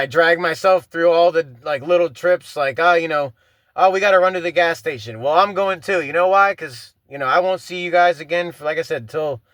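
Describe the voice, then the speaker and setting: A man in his thirties hosts a solo podcast in a loose, rambling way, full of "you know" and restarts, and swears freely. His voice is bright and sits a little high for a man. The recording is dry and close, with no room sound. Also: no echo. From Florida. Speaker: podcast host. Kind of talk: casual solo podcast chat.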